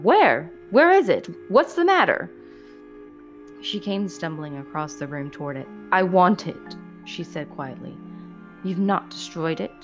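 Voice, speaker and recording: A woman reading a story aloud in a measured, dramatic narrating manner. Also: low voice, darkish tone.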